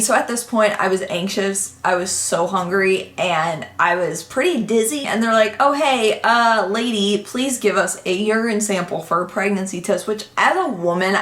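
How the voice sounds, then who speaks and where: A woman vlogger telling a casual storytime, chatty and animated, with lots of "like" in her talk. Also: medium pitch, roomy sound.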